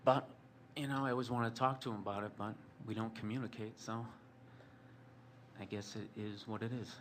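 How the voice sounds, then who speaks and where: A man's voice: on the low side, flat delivery, fairly quick, a little hiss or hum. A man telling a long personal story in a rambling, profane, sardonic way, full of fillers like "like" and "you know". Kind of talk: storytelling monologue.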